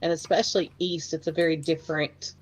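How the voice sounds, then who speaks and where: A woman's voice: sits low, fairly even intonation, a little fast, low-quality recording. A woman from Tennessee with a Middle Tennessee accent, emphatic in a casual group chat.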